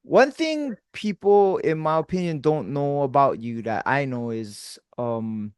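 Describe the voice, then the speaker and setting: A man's voice: a little high, expressive, a little slow, darkish tone, clear, resonant tone, dry recording, clean studio sound. A man in his forties from Hawaii hosting a podcast, talking in an easygoing, laid-back way. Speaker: podcast host. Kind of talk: casual podcast interview.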